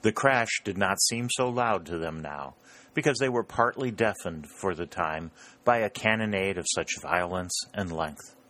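Deep-voiced male narrator, measured and steady. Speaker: audiobook narrator. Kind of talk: scripted narration.

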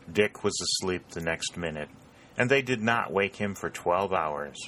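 A man narrates an audiobook in a deep, measured voice. His tone is bright and clear, with a faint hiss underneath. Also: animated.

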